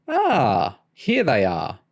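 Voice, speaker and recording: A man's voice: mid-range voice, huge pitch swings, very slow, pitched above the performer's own voice, full character voice. A man voicing a cheerful, motherly foster carer woman in a read-aloud novel.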